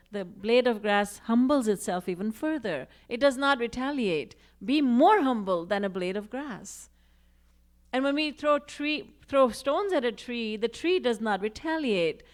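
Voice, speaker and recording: With a clear, resonant voice on the high side, a woman teaches spiritually through a devotional talk. She recites verses in Sanskrit and Hindi and voices quoted speech with expression.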